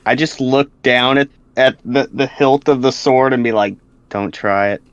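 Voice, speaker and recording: A man's voice: medium pitch, steady tone, normal speed, clean tone, dry recording. A man playing a character in a tabletop game, laid-back, with a lot of fillers. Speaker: player. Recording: dry, dull lo-fi mic.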